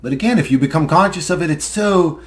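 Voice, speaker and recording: A man's voice: on the high side, fast talker. A young man delivering a heated, profane rant with sarcastic asides and bursts of laughter. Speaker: conspiracy video ranter. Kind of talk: profane ranting monologue.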